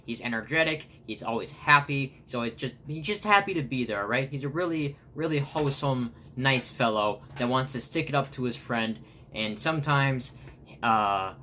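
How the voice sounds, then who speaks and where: A man with a raspy voice casually walking through an old comic he made, rambling with lots of fillers and restarts. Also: mid-range voice, sharp tone, slight background noise. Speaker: comic artist and vlogger. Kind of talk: casual show-and-tell.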